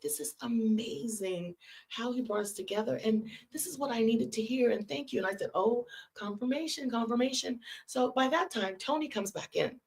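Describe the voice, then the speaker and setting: Animated woman host telling a story. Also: fairly high pitch, moderate pace, vocal fry. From California. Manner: animated, conversational, addresses listeners as y'all. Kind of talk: live-stream storytelling.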